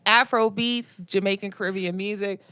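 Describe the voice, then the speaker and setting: A young woman co-hosting a casual podcast, talking in an animated, opinionated way with quick asides. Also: mid-range voice, smooth, dry recording. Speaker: podcast co-host. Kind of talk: casual chat.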